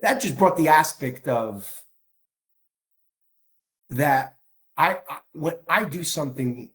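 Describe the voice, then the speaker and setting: Man talking candidly, halting and frank. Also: mid-range voice, rough recording. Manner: candid, halting, with frequent restarts. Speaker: speaker on marriage. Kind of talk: personal talk.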